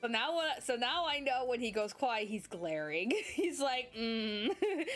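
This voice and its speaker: A woman's voice: fairly high pitch, animated, normal speed, fairly bright tone, faint music behind. A young woman streamer chatting casually, rambling and giggly with lots of fillers, sleepy and yawning. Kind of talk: casual chat.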